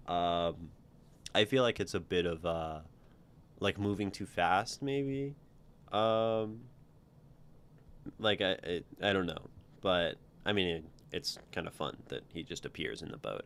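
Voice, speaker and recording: A man's voice: sits low, fairly bright tone, clean tone. A man hosting a livestream, reading viewers' writing aloud and critiquing it in a rambling way full of ums and restarts.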